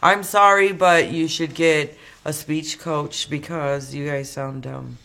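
A young man from Chicago with a Chicago accent, hosting a podcast in loose banter. He teases and waves things off with brash, mock-dismissive jabs. His voice sits a touch higher than most men's. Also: fairly even intonation, slow, creaky, sharp tone. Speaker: podcast host. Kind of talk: casual banter.

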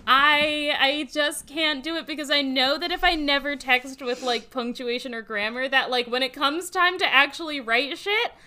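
A woman's voice: sits high, moderate pace, hardly any pauses, bright, forceful tone. A young woman in casual chat, self-mocking, laughing often.

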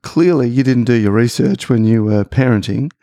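A man's voice: medium pitch, moderate pace, vocal fry, dark tone, no echo, studio quality. A middle-aged Australian man co-hosting a podcast, airing his gripes in casual, opinionated chat. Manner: ranting, opinionated. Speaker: podcast co-host.

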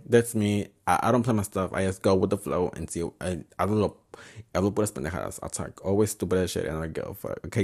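Man, low voice, very animated pitch, frank crude casual storytelling, braces on his teeth. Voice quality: braces whistle in his speech. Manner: frank, crude, switches between English and Spanish. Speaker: podcast host.

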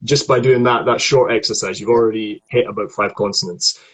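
Guy voice coach, husky voice, talks you through warm-ups and counts out the reps. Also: fairly low pitch, fairly even intonation, a little fast, poor audio. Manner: coaching, counts out exercises and demonstrates sounds. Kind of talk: guided vocal warm-up lesson.

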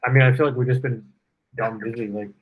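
A man in his twenties co-hosting a podcast, talking in a relaxed, slangy, profane way over a video call. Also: mid-range voice, fast talker, narrow, tinny audio. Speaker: podcast co-host. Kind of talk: casual chat. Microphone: headphones on a video call.

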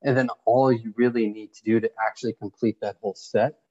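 A man's voice: on the low side, fairly even intonation, a little fast, dark tone. A man co-hosting a casual podcast chat, laid-back and offhand, who swears freely. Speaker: podcast co-host. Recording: dull lo-fi remote audio.

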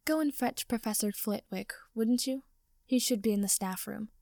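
A woman's voice: fairly high pitch, moderate pace, gravelly, dark tone, no echo, studio quality. A woman reading the lines of a sweet, motherly older female teacher in an audiobook story, with a coaxing manner.

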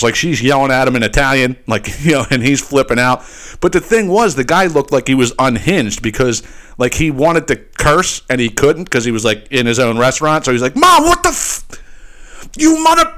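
A man hosting a podcast, telling a story as a casual comic rant, swearing often and keeping his listeners in with quick asides. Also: mid-range voice. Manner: profane, animated, keeps asking "right?". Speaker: podcast host.

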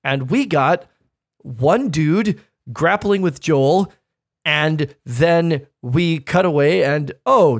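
A man co-hosting a podcast, telling stories in casual chat, emphatic and profane. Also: a little high. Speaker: podcast co-host.

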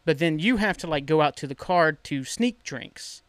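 A podcast host chatting casually and reminiscing in an easygoing, relaxed way. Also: mid-range voice, normal speed, dry recording. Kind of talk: casual chat.

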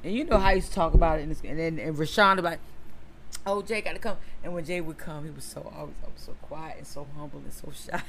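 A woman's voice: low voice, fast talker, fairly bright tone, a little hiss or hum. A middle-aged woman, animatedly telling family stories in a casual chat and laughing often.

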